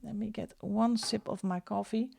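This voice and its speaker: A middle-aged woman hosting a coloring channel, chatting casually as she shows her books, with soft asides now and then. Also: mid-range voice, steady tone, creaky. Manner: chatty, slow and unhurried, drops into soft asides. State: out of breath. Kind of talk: casual show-and-tell vlog.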